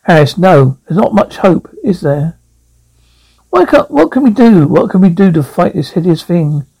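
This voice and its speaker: A man voicing a worried male compound controller, reading from a script in a halting, anxious way. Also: sits high, lively intonation, dark tone, slightly rough, full character voice, poor audio. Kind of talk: script read aloud.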